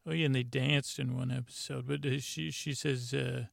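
A man's voice: mid-range voice, fairly even intonation, normal speed, vocal fry, no room sound, studio quality. A man hosting a bedtime podcast, rambling casually through an episode recap with many fillers and restarts. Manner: meandering, full of fillers and restarts; casually retells scenes with "he goes". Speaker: podcast host.

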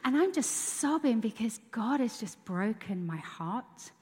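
A woman's voice: a little high, lively intonation, measured pace, darkish tone, breathy edge. A woman preacher giving a candid, conversational sermon, telling stories with bursts of emphasis. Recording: long reverb of a large hall.

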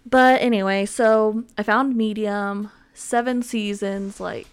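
At home with dogs around, a young podcast host talks casually by herself in a medium-pitched, steady voice that is clear and resonant, taking her time. The chat is rambling, filler-heavy and self-deprecating.

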